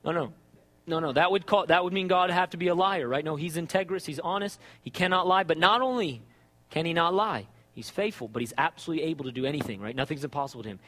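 A man preaching a sermon in an animated, conversational way, often checking in with "right?". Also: fairly high pitch, quick pace, big-room sound.

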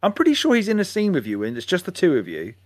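A man from England co-hosting a casual podcast, animated, swearing casually and mimicking voices. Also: high-pitched, fast talker, no room sound, clean studio sound. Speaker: podcast co-host. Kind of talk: casual chat.

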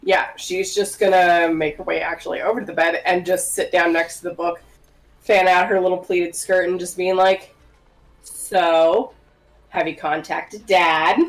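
A woman's voice: fairly low pitch, little pitch movement, normal speed, low-quality recording. A woman playing in a tabletop game, cheerfully describing what her character does. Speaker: player. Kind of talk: casual tabletop play.

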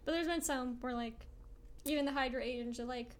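A young woman co-hosting a casual podcast, joking crudely and quick-wittedly about fanfiction. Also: high voice, background noise. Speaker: podcast co-host. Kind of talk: casual chat.

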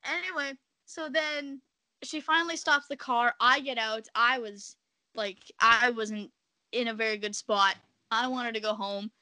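A young woman, a podcast guest, telling a story in casual chat, animated and laughing often, acting out the quotes. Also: fairly high pitch, a little slow, dry recording.

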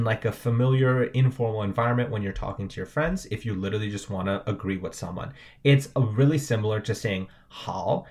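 A young man giving a patient video lesson, spelling out words letter by letter and often checking in with the viewer. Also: lowish voice. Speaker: language teacher.

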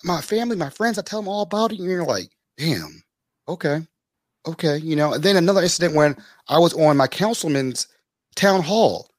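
A man, a podcast host telling stories as a guest, lively and acting out the people he quotes. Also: a little fast, dry recording, clean studio sound. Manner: animated, acts out quoted people with big pitch jumps. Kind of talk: casual storytelling in an interview.

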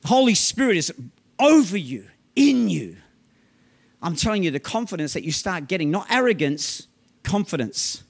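A man with a very high voice delivers a sermon with loud, emphatic bursts. He reads scripture in a slow, deliberate way and keeps checking in with his listeners between points. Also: sing-song, creaky. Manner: emphatic preaching, often asking "right?", slow scripture reading. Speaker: pastor.

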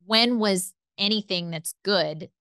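Bright, clear-voiced woman, dry sound. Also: mid-range voice, slow pace, no echo. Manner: conversational, reflective, many fillers. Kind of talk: casual chat.

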